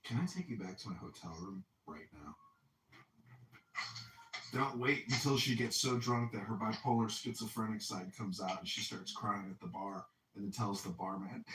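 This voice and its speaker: A man's voice: fairly low pitch, normal speed, fairly bright tone. A man hosting a podcast, telling boastful rambling stories in crude casual banter. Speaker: podcast host. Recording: roomy distant mic with faint noise.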